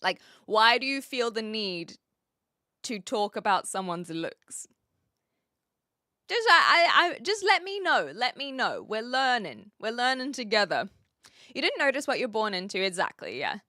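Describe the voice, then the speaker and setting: Lively bright-voiced New woman. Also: a little high, unhurried, dry recording, clean studio sound. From New Zealand. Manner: chatty, lots of fillers and restarts. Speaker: streamer. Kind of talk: casual live-stream chat, reading and answering chat.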